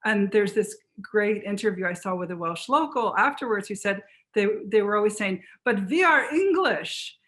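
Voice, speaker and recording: Woman author, book talk guest, lively fast storytelling, mid-pitched. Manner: animated, fast storytelling with restarts.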